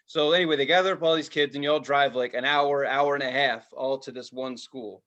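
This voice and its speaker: A brisk, medium-pitched man in his forties with the highs cut off, co-hosting a laid-back podcast. He's an animated storyteller who swears freely and acts out the quotes in his tales.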